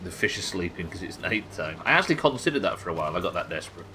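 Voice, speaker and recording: Streamer, male, young, bright lowish voice, casual swearing, faint room ambience. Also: big pitch swings, racing, a little hiss or hum, low-quality recording. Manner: chatty, swears freely, thinks aloud. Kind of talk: live gameplay commentary.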